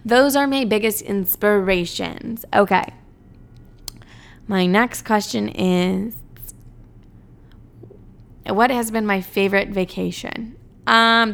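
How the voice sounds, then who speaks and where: Young woman, heavy fry, blunt and sweary, rambling vlog chat. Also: medium pitch, fairly bright tone. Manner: blunt, profane, ranting, lots of "like". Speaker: comedian answering fan questions. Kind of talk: casual chat.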